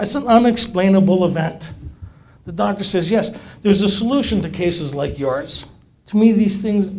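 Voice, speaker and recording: Guy telling his sobriety story at a meeting, raspy and a bit high, acts out all the voices. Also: slight background noise. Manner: animated storyteller, acts out dialogue. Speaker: recovery meeting speaker. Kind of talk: storytelling talk to an audience.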